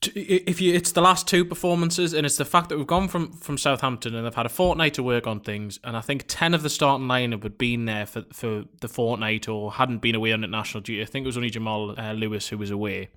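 A man's voice: mid-range voice, steady tone, quick pace, hardly any pauses, bright, forceful tone. A man on a football podcast, analysing the team's play in a questioning, reasoned way. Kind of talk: casual football podcast chat.

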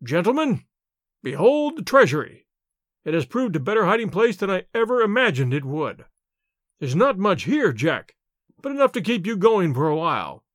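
A man's voice: high-pitched, big pitch swings, normal speed, no echo, studio quality. A man voicing a jovial, shrewd old grandfather who speaks heartily with chuckles. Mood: merry.

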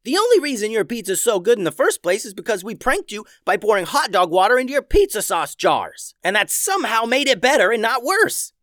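A man voicing a hot-headed boy who runs a hot dog stand, shouting indignantly. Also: on the high side, a little fast, few pauses, clear, resonant tone, dry recording, studio quality, natural voice. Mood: angry.

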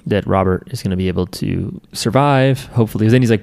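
A man's voice: lowish voice, fast talker, gravelly, darkish tone. A man co-hosting a podcast, chatting casually and jokingly while recapping an anime, acting out characters' lines. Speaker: podcast co-host.

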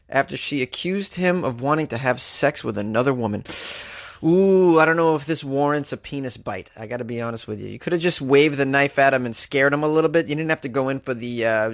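A male comedian hosts a daily news podcast, reading stories and then cracking wry jokes about them. His voice is mid-pitched and jumps high for a punchline. The sound is dry and close, with no room around it. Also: fairly bright tone, dry recording. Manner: wry, joking asides with sudden pitch jumps.

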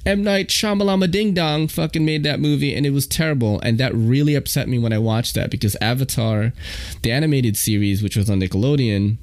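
A man's voice: mid-range voice, brisk, a little mellow, dry recording. A young man hosting a solo podcast in casual, rambling chat, slangy and swearing freely. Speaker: podcast host.

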